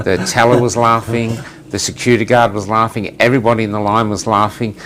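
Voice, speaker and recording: At a normal speed and in a lowish voice, a middle-aged co-host tells stories during a casual chat, animatedly acting out what people said.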